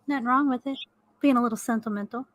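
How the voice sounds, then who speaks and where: Profane, animated woman telling stories. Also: a little high, fast, no room sound. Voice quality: animated, swears a lot, laughs often. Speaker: co-host of a live stream chat. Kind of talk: casual profane storytelling.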